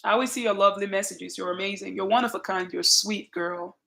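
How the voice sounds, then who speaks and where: A woman with a Nigerian accent hosting a casual livestream, greeting viewers by name in an emphatic, lively way. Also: medium pitch, fast talker, creaky. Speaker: channel host.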